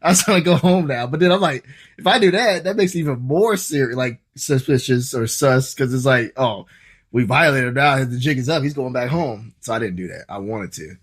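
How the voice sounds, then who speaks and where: A man from Ohio telling a story as a podcast guest, casual and animated, swearing freely and acting out his own reactions. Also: medium pitch, moderate pace, husky. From Ohio, USA.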